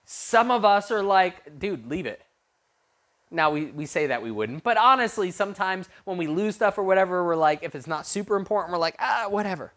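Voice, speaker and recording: A youth pastor tells a story to his group in a lively, unpolished way. He often stumbles and restarts his sentences, and he acts out the voices of the people in the tale. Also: high voice, a little fast, few pauses. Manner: animated storyteller with frequent restarts.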